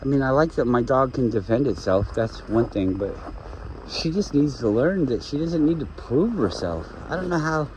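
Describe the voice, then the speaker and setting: A man's voice: medium pitch, lively intonation, normal speed, a little mellow, a little hiss or hum, poor audio. A man vlogging on a walk outdoors with his dogs, rambling and joking, breaking off to talk to his dog. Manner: rambling, jokey, talks to his dog mid-sentence. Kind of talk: rambling casual talk to camera.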